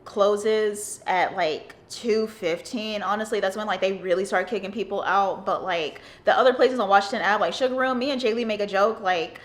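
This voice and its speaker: A woman's voice: mid-range voice, brisk, few pauses, a bit bright. A young woman, telling a casual storytime with lots of fillers and restarts. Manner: rambling, filler-heavy, with frequent "like". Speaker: vlogger.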